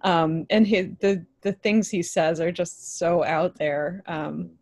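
A woman talking as a podcast guest, casually recounting a film with relaxed fillers. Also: fairly low pitch, slow pace, dry recording.

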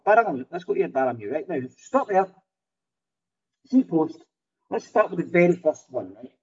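A man's voice: a little high, muffled recording. Rambling man hosting a podcast. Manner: rambling, restarts often, tags lines with "right?". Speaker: podcast host. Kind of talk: off-the-cuff solo podcast talk.

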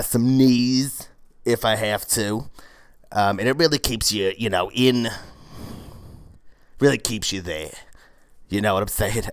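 A man's voice: fairly low pitch, dry recording, natural voice. A man improvising as a brash fortyish woman who runs a failing cold-yoga studio, rambling with lots of "uh" and "you know" and talking crudely and matter-of-factly. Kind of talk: improvised comedy monologue.

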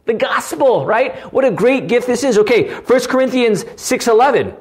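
High-voiced man preaching, earnest and animated. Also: moderate pace. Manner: earnest, animated, often asks "right?". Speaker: pastor. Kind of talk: teaching sermon.

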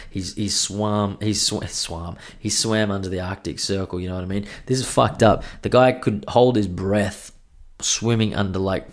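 A young man hosting a podcast, congested from a cold, rambling casually and swearing a lot. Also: low-pitched. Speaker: podcast host. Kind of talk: casual solo podcast chat.

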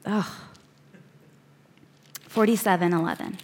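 A woman preaching, reading scripture verses aloud and slowing down to stress key words. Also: mid-range voice, steady tone. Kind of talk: sermon.

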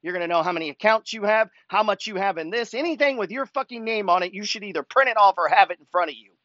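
Fast-talking and animated, this man has a high-pitched, pushed, bright voice, recorded with no echo and the highs cut off. Hosting a money talk show, he reads follower emails aloud and launches into a pushy, fired-up motivational rant laced with constant swearing.

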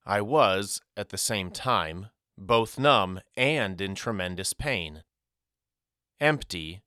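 A man's voice: fairly low pitch, bright, forceful tone, clear, resonant tone, dry recording. A man narrating a story in the first person with dramatic delivery, recorded close in a studio. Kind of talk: audiobook narration.

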